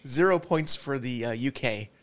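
A man's voice: mid-range voice, normal speed, fairly bright tone. A man from Texas co-hosting a podcast, cracking jokes and teasing the others. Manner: joking, teasing. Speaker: podcast co-host. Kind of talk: casual chat.

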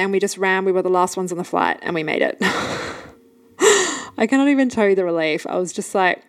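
An Australian woman in her thirties hosting a solo podcast, telling stories in an animated, chatty way and acting out the lines people said. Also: fairly low pitch, fairly quick. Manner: animated, chatty, acts out quotes. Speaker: podcast host. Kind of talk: casual solo podcast storytelling.

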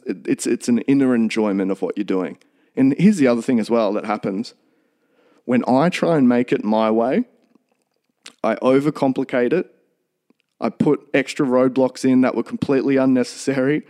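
Earnest rambling man, mellow voice. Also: mid-range voice. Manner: rambling, earnest, restarts often. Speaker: podcast co-host. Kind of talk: casual podcast chat.

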